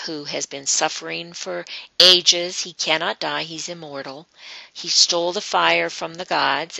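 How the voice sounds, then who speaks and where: A woman's voice: low voice, vocal fry, sharp tone, no echo, low-quality recording. A woman presenting an online webinar, teaching in a loose, rambling way with many ums and uhs. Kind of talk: informal teaching talk to an online group.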